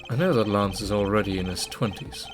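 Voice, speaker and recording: A man voicing a proud, formal young prosecutor, measured and dignified, slightly lower than his usual voice. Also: natural voice. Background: game music.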